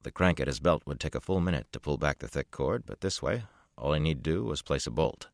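Man, audiobook narrator, extremely deep voice, measured, dry close sound. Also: animated, gravelly, no room sound. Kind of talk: scripted fantasy narration.

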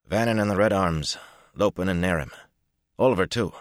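A man's voice: low-pitched, normal speed, no room sound, clean studio sound, pitched above the performer's own voice, natural voice. A man voicing a blunt, wary thief-catcher who talks urgently and practically in an audiobook.

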